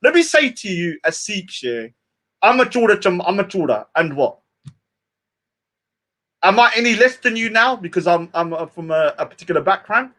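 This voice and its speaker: A man's voice: high-pitched, big pitch swings, moderate pace, a bit bright. A man who hosts a live stream, ranting in a scornful tone and tagging many lines with "yeah?". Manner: scornful, repeats "yeah?" often. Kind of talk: heated live-stream rant.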